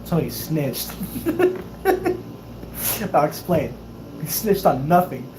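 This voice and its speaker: A man's voice: fairly high pitch, wildly swooping pitch, slow, darkish tone, slight background noise, low-quality recording. A young man in his twenties, hosting a livestream and telling stories casually, laughing often and acting out the people he quotes. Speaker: livestream host, Navy sailor. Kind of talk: casual storytelling chat.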